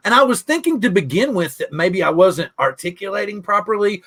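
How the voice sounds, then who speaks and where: A man's voice: high voice, expressive, a little fast, few pauses, a bit bright. A man from Southwest Virginia with a Southern drawl, hosting a casual live show, joking and reading out the chat. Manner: joking, storytelling, reads out chat. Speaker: podcast host.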